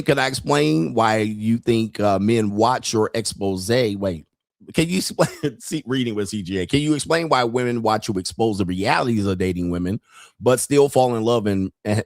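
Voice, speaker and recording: A man with a mid-range voice hosts a podcast-style livestream rant in a dead, dry room with no room sound. He's blunt, swears heavily and cusses a lot, and laughs often.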